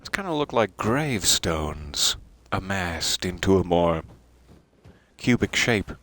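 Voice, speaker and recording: A man's voice: low voice, big pitch swings, slow, fairly bright tone. A man giving casual, playful commentary while playing a game, talking theatrically to the characters and joking at his own expense. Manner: self-deprecating asides. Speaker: let's play streamer.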